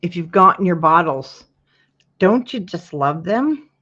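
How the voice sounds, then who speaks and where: A woman's voice: lowish voice, animated, unhurried, bright, forceful tone, dull audio. A woman hosting a casual craft tutorial, talking viewers through measuring and cutting while greeting them by name. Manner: chatty, greets viewers by name mid-task.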